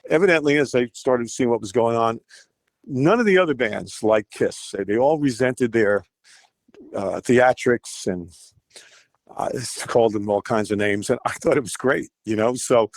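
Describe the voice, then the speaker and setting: A man's voice: medium pitch, no room sound. Older man telling stories animatedly. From United States. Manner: animated, acts out quoted voices. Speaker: guest musician. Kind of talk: storytelling interview.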